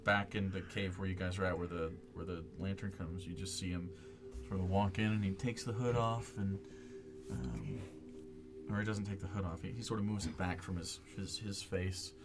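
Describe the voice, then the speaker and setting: A man's voice: deep voice, fairly even intonation, moderate pace, over music. A man narrating as game master, rambling with many fillers while he describes the scene.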